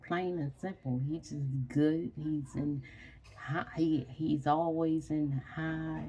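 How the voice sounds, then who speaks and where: Sleepy woman, gravelly voice, slow rambling casual chat. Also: low voice, warm tone, dull audio, a little hiss or hum. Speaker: vlogger.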